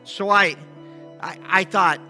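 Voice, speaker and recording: A man acting out a scheming blind beggar in a first-person sermon monologue, halting and restarting often, with faint music behind him. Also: sits high, steady tone, heavily acted. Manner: halting with many restarts, shouting out pleas. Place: church sanctuary.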